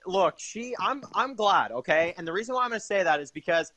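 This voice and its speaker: A man's voice: high voice, animated, brisk, pushed and bright, dry recording. A young man giving an enthusiastic, rambling casual review of a TV episode, full of fillers.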